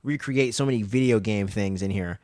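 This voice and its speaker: A man's voice: on the low side, fairly quick, darkish tone, no echo, studio quality. A man co-hosting a casual TV recap podcast, talking loosely and with plenty of swearing. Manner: loose and profane, acts out characters' lines when retelling scenes. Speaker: podcast co-host.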